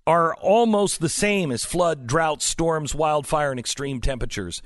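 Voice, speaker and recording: A man's voice: a little high, unhurried, hardly any pauses, dry recording, studio quality. A male talk show host delivering an opinionated political monologue, emphatic and sarcastic, full of rhetorical questions.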